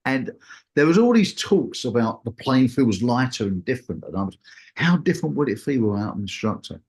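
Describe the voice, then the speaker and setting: Husky man telling a lively story. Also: fairly quick. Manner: animated, acts out what people said with big jumps in pitch. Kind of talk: casual storytelling.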